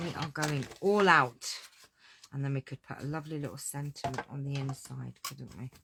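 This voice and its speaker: A woman's voice: a bass voice, normal speed, gravelly, very noisy. A woman running a live card-making tutorial at her craft desk, gushing and exclamatory as she talks to her viewers.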